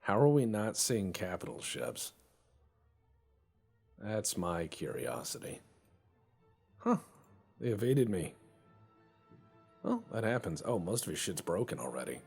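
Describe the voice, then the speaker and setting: A man talks through his strategy game in a relaxed, joking let's-play style, swearing freely and thinking out loud. His voice sits low and a little husky, but it swings widely in pitch as he gets excited. Soft music plays faintly behind him. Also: unhurried, pauses often. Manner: joking, profane, thinking aloud. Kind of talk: casual gameplay commentary.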